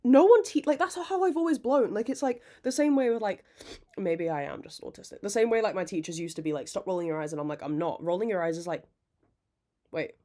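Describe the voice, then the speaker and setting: Chatty young woman rambling. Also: lowish voice. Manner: rambling and animated, swearing freely; self-mocking, quick to laugh. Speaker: podcast host. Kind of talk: casual chat.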